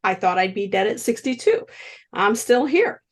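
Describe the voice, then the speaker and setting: A guest healer in her sixties tells stories in an interview, animatedly acting out the voices of people she quotes. She speaks at a moderate pace with a medium-pitched voice.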